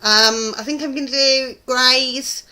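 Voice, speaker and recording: A woman's voice: sits high, steady tone, slow pace, sharp tone. A British woman chatting casually in a TV review vlog, rambling and gushing with frequent ums. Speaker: TV review vlogger.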